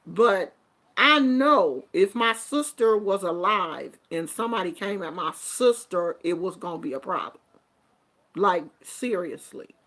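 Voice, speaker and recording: Slow-talking sassy middle-aged woman. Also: mid-range voice. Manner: animated and sassy, swings between murmuring and exclaiming. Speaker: vlogger reading viewer comments. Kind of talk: casual livestream chat.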